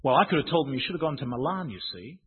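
Man, sermon, conversational and wry, husky voice, tinny phone-like sound. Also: fairly high pitch, expressive, racing. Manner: conversational, wry and self-deprecating. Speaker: preacher.

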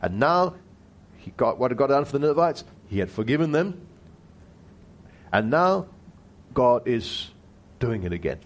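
A man giving an expository Bible teaching who keeps asking his listeners rhetorical questions and slows down to stress key words. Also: mid-range voice, big pitch swings.

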